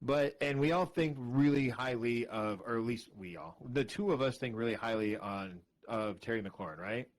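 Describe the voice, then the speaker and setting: A tired man co-hosting a casual podcast, talking at an ordinary middle pitch. He rambles, restarts his sentences and defends his own picks in loose, chatty talk. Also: moderate pace, few pauses. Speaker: podcast co-host. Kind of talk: casual fantasy football chat.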